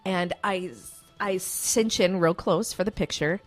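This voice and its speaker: A woman co-hosting a radio show, telling a lively story in casual chat and acting out the quotes. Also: on the low side, a little slow, no echo, faint music behind. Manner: animated storyteller, acts out quotes.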